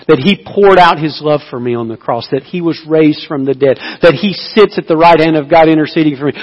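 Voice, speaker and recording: Preacher swinging from hush to cries. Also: male voice, a little high. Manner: swings from hushed, slow appeals to loud, pleading cries. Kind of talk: sermon. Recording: dull sound with long hall reverb.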